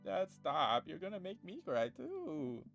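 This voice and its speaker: Guy putting on a squeaky teen daughter voice, playful and sweet, way up high. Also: huge pitch swings, measured pace, a bit bright, faint music behind, full character voice. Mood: tearful, teasing. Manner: high-pitched, sing-song girlish voice. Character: teenage girl, playful and affectionate daughter.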